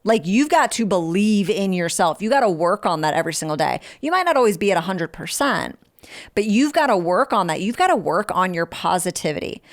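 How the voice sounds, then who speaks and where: A woman's voice: mid-range voice, very animated, fairly quick. Frank, coaching woman podcaster. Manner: direct, coaching, frank and informal. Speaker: podcast host. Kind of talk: motivational podcast talk.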